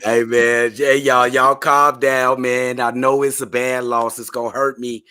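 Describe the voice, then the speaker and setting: A man's voice: mid-range voice, level tone, a little slow, bright, forceful tone, clear, resonant tone. A man co-hosting a sports podcast, talking in a laid-back, consoling way. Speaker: podcast co-host. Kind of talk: casual sports podcast banter.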